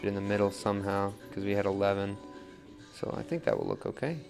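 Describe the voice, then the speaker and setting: A man's voice: fairly low pitch, fairly quick, vocal fry, faint music behind. A man casually demonstrating pottery on the wheel, talking his viewers through each step with lots of "like" and "right?". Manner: relaxed, chatty, lots of "like" and "right?". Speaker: pottery teacher.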